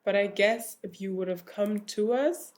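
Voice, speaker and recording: A woman's voice: medium pitch, measured pace, darkish tone. A young woman, a former classmate, recalling school memories in a chatty, casual interview with plenty of fillers.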